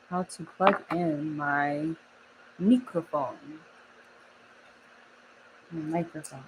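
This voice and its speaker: A woman's voice: on the low side, noisy background. Chatty young woman on a casual live stream. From Oklahoma. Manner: chatty, laughs often, reads chat aloud. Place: home studio.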